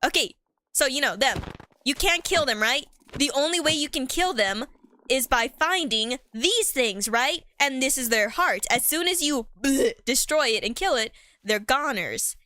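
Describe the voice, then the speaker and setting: A woman's voice: sits high, expressive, measured pace, bright, forceful tone. A woman streamer chatting casually while playing a game, rambling and giggly, with lots of fillers.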